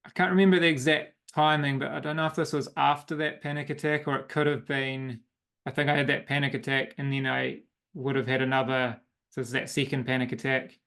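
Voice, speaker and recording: A man's voice: medium pitch, flat delivery, fairly quick, vocal fry, fairly bright tone. A man, a coach, telling his personal story as an interview guest in a reflective, emotional way.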